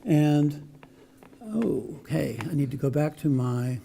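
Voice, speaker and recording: Guy lecturing off slides, kinda high voice, rambles and restarts a lot. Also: expressive, takes it slowly, creaky, mellow, slight background noise. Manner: chatty, with many restarts and asides. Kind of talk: academic talk with slides.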